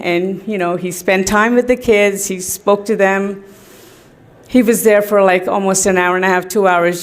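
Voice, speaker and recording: A middle-aged woman sharing personal stories in a tribute to her teacher, in a chatty, anecdotal way with many fillers. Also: mid-range voice. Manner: chatty storytelling, often laughing, many fillers.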